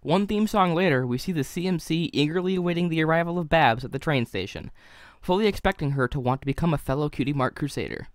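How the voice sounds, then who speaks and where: A man's voice: fairly high pitch, quick pace, dry recording, clean studio sound. A young man narrating a scripted video review in an analytical way, with wry asides.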